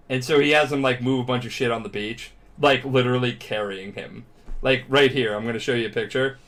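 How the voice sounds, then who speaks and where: Man, drunk, podcast host, profane animated storytelling, mid pitch. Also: brisk. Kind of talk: casual podcast chat.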